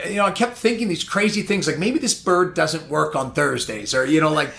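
A man telling a long anecdote in a casual chat, animated and rambling, full of "like". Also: on the high side, a little fast, gravelly, hardly any pauses. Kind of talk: casual storytelling.

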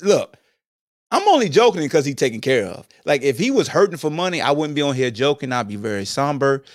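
A lively man speaking slang, riffing through a comedic rant. His pitch leaps high and drops low all the time, and the voice sits a little high for a man. The sound is close and dry, with no room echo. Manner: animated, joking, slangy, swings between high exclamations and low mutters. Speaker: podcast host. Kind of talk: comedic commentary monologue. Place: home streaming setup.

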